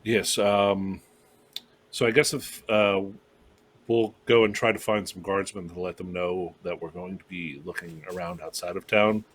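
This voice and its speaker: A man's voice: deep voice, fairly even intonation, unhurried. A man playing his character in a tabletop game, chatty and casual with a mildly sarcastic edge. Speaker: player. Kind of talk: in-character tabletop role-play.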